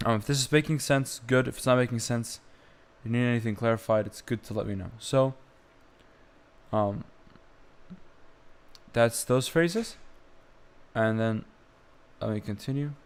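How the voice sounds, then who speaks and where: A young man teaching chant on a live stream, explaining slowly and breaking into short sung phrases. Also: medium pitch, clean tone. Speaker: music teacher.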